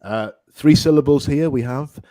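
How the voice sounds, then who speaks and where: A man hosting an English teaching podcast, encouraging his student, praising often and drilling words slowly. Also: mid-range voice, mellow, no echo, clean studio sound.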